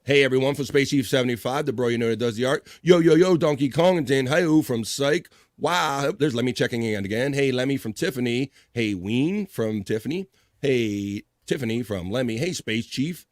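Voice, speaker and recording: A man hosting a live stream in casual chat, reading viewer messages aloud with upbeat, profane shout-outs. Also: medium pitch, moderate pace, no echo, studio quality.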